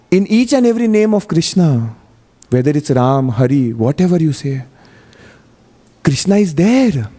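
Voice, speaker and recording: A man's voice: medium pitch, mellow. A man giving a storytelling sermon at a temple, chatty and full of "you know", often putting questions to his audience. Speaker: guest speaker at a temple feast class. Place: temple hall. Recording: long hall reverb.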